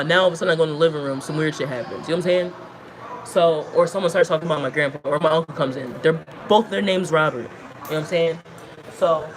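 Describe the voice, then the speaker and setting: A woman telling long, rambling, profane stories to her livestream chat, talking in an animated way. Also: sits low. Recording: noisy background.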